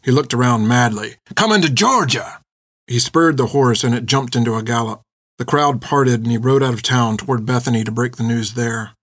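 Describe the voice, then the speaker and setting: A man giving measured, expressive scripted narration of a storybook. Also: medium pitch, dry recording, studio quality. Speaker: audiobook narrator.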